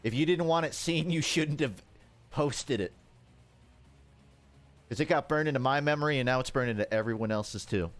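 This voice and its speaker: A man with a Midwestern American accent rambles through a casual livestream, cracking self-mocking jokes as he plays. His pitch sits right in the middle range for a man. Faint music plays under his talk. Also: moderate pace, pauses often. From Georgia, United States. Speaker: streamer. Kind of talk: casual gaming livestream commentary.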